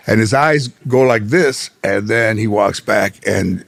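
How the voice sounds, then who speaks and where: A man telling casual stories as a guest, animated and acting out the people he quotes. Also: on the low side, unhurried, gravelly, hardly any pauses, dry recording. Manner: animated, acts out quotes with shouty impressions. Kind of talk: casual storytelling.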